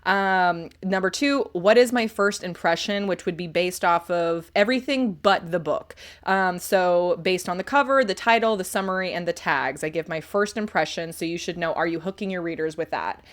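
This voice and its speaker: A woman's voice: lowish voice, normal speed, hardly any pauses. A woman hosting a casual livestream where she reviews books, talking in a chatty, rambling way and laughing often. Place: home computer setup.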